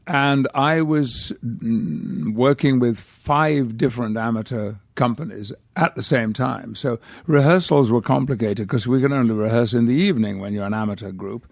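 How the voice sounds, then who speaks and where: An older man from the north of England tells stories as a podcast guest, pausing and circling back as he goes. His voice has a gravelly edge. The studio sound is close and dry. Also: mid-range voice, a little mellow, no echo. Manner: rambling anecdotes with hesitations. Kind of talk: casual interview storytelling.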